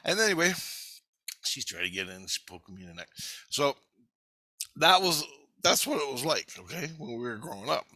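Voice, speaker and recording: A man's voice: medium pitch, big pitch swings, normal speed, pauses often, sharp tone, dry recording. A middle-aged man telling a rambling, profane story from his childhood in a casual spoken way.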